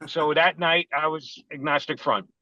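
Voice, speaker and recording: A man's voice: on the high side, fairly even intonation, normal speed, pushed and bright, dry recording. New man, podcast guest; rambling, swear-heavy storyteller, muffled dry recording. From Queens, New York. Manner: profane, rambling anecdotes with quoted voices. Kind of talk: casual chat, storytelling. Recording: dull, dry lo-fi sound.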